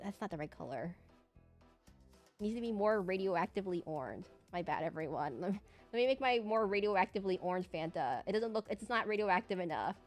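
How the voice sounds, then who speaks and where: Chatty young woman streamer, rambling. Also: mid-range voice. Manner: rambling, chatty, laughs often, lots of fillers and restarts. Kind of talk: casual chat to a live stream.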